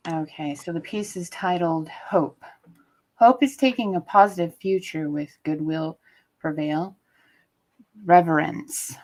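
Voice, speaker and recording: A chatty woman in her thirties hosts an online poetry open mic from home, her voice fairly low. She reads poems and talks between them over a video call. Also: unhurried, low-quality recording. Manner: chatty, laughs often. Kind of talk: casual hosting and poetry reading.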